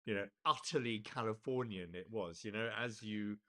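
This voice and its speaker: A man from England chats his way through a relaxed home live stream, greeting viewers one after another. His talk wanders and restarts as he reads out comments and reacts to them. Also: fairly low pitch, moderate pace. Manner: chatty, warm greetings to viewers, frequent restarts. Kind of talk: casual live-stream chat.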